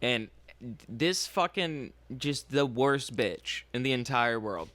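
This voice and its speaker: A man's voice: mid-range voice, expressive, slow, fairly bright tone, dry recording. A man co-hosting a comedy podcast, telling a rambling story in casual chat.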